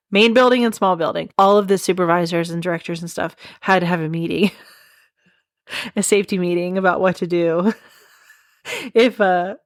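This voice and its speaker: A woman's voice: on the low side, no room sound, clean studio sound. A young woman hosting a podcast, telling a rambling story in a casual chat, laughing often and dropping self-deprecating asides. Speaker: podcast host.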